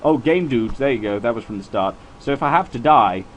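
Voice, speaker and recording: A man in his twenties giving casual, rambling video game commentary, chatty and self-mocking, with swings in pitch. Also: lively intonation, fairly quick, a little hiss or hum, low-quality recording.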